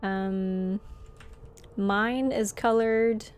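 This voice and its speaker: A woman's voice: mid-range voice, fairly even intonation, drawn-out words, soft background music. A woman from Norway, chatting casually and giggling often while live-streaming a game.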